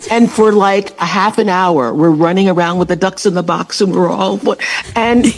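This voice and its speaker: A woman's voice: fairly low pitch, moderate pace. A woman guest on a podcast, telling a story in casual chat and acting out the people she quotes. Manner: animated, acts out quoted voices.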